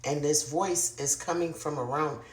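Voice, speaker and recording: An adult vlogger telling a personal paranormal story to camera in a confiding, casual way, often speaking straight to viewers and sometimes dropping to a hushed murmur. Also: medium pitch, moderate pace, echoey room.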